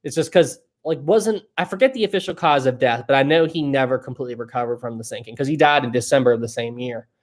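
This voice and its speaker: A man's voice: mid-range voice, quick pace, hardly any pauses. A young man hosting a live stream, chatting casually and rambling as he reads viewer questions. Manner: rambling and chatty, often laughing. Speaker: livestream host.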